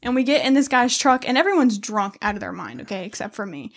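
A woman's voice: on the high side, sing-song, fast talker, gravelly. A young woman co-hosting a podcast, telling childhood stories in casual chat and laughing often. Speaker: podcast co-host.

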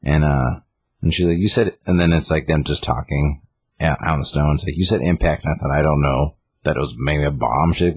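Speaking fairly quickly in a husky bass with a steady tone, a man who reviews comic books chats casually while recapping a story. His retelling wanders and is packed with fillers, captured in a dry recording.

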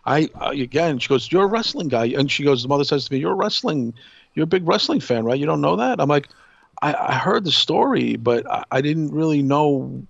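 Gravelly, rambling male podcast host. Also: a little high, fairly quick, dry recording, lo-fi sound. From New York. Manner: rambling, animated, many restarts. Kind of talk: casual storytelling chat.

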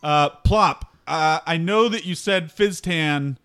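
Casting: male player, relaxed, slightly high voice. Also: takes it slowly, smooth. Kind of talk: casual tabletop play.

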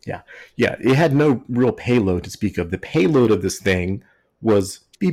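A man's voice: medium pitch, lively intonation, normal speed, a little mellow. A man hosting a casual history podcast, telling it in a jokey, sarcastic way. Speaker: podcast host.

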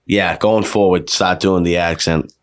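Low voice podcast guy, rambly, lots of uh and um, swears. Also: steady tone, unhurried, clean tone. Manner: hesitant, rambling, profane. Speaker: podcast co-host. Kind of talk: casual chat.

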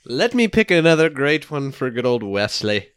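A man's voice: medium pitch, very animated, moderate pace, clear, resonant tone, no room sound, studio quality. A man co-hosting a casual chat while playing word games, joking and playfully defensive. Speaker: co-host.

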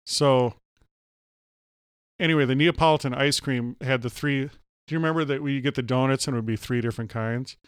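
A man's voice: mid-range voice, fairly quick, clear, resonant tone, no room sound, clean studio sound. A man co-hosting a podcast, chatting casually and teasing his co-host with quips. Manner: teasing, quips and song lines. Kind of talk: casual chat. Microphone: podcast mic.

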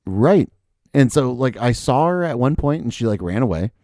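A man's voice: mid-range voice, lively intonation, moderate pace, warm tone, no room sound, studio quality. A young adult man, a musician, telling a long story in casual podcast chat, rambling with lots of fillers and swearing. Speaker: guest musician.

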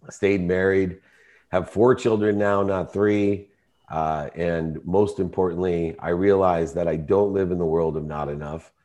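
Man, very low voice, emphatic storyteller, interview guest. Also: fairly even intonation, measured pace. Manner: emotional, emphatic, rising to shouting in quoted arguments. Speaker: entrepreneur guest.

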